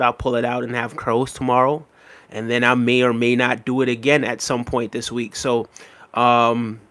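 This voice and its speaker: Hosting a live stream, a Jamaican man reads viewer comments aloud and answers them in a loose, chatty style, saying "um" and "you know what I mean" a lot. His voice is medium in pitch.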